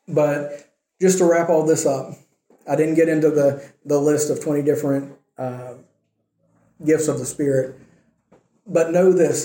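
Male pastor, fairly high mellow voice, easygoing sermon delivery, roomy echo. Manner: conversational preaching, checks in with "right?" and "okay?".

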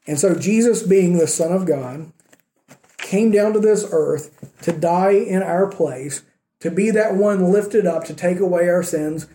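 A man's voice: high-pitched, unhurried, mellow. A man preaching a sermon as a pastor, earnest and full of rhetorical questions and repeated phrases. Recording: roomy echo.

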